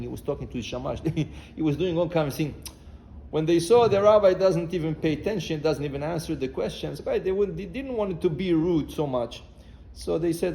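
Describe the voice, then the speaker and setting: A man with a high voice gives a Torah class as a rabbi, telling stories animatedly and acting out their dialogue. His English carries Hebrew phrases and frequent restarts. A faint background hum sits under him. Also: gravelly, dark tone.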